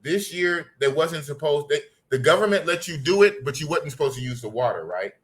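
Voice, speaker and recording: On his casual podcast, a middle-aged man from the United States reads live chat aloud, blunt and slangy and repeating himself. He sounds husky and expressive, with a fairly high pitch and a slightly fast delivery.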